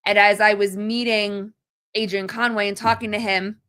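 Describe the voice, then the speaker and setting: Female podcast co-host, bright and forceful tone, lively storyteller. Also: medium pitch, normal speed. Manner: lively storyteller acting out quotes. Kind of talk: casual storytelling chat.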